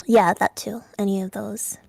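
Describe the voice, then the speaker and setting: A woman's voice: mid-range voice, little pitch movement, normal speed, creaky, darkish tone, dry recording. A young woman streaming, chatting casually and breaking into giggly, shrieking laughs. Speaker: VTuber streamer. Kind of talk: casual chat.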